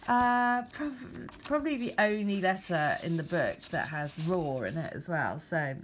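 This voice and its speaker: A woman with an English accent giving a spiritual card reading, moving between steady reading of card meanings and excited, laughing chat about synchronicities. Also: lowish voice, a little slow, slight background noise. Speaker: tarot and oracle card reader.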